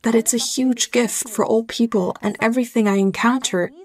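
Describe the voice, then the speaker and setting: A middle-aged woman from Germany, a guest in an interview, speaking slowly and heartfelt in short, reflective phrases. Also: fairly high pitch, steady tone, darkish tone.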